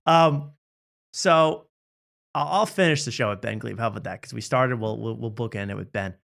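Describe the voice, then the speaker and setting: A man's voice: mid-range voice, moderate pace, vocal fry, a bit bright. A man hosting a comedy talk show, riffing casually and joking about online videos. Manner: joking, mock voices, laughs often. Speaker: comedy podcast host.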